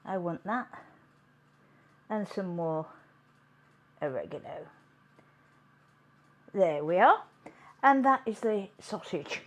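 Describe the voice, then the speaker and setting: A woman hosting a home cooking demonstration, chatting in an unhurried way as she works in her kitchen. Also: fairly low pitch, animated. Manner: chatty, unhurried, talks while working. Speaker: cooking show host.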